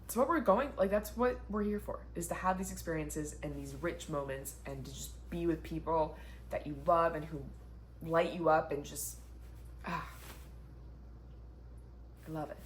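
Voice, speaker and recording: Young woman, low voice, chatty vlog talk full of likes, bit of faint noise behind. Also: normal speed, long pauses. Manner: chatty and heartfelt, many "like" fillers. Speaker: vlogger, marathon runner. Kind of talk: casual sit-down chat. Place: indoors, sitting down.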